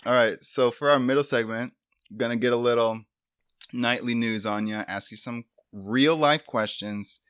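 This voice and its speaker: A man's voice: medium pitch, moderate pace, a bit bright, clean tone, dry recording, studio quality. A young man from Michigan hosting a casual podcast, laid-back and jokey as he leads the segments. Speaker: podcast host.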